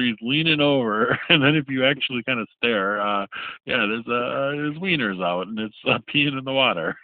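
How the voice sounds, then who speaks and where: A man's voice: mid-range voice, moderate pace, no room sound. A man hosting a podcast, recapping a video in a rambling, laughing way, heard over a tinny phone-like line. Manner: rambling, laughing, full of fillers. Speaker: podcast host.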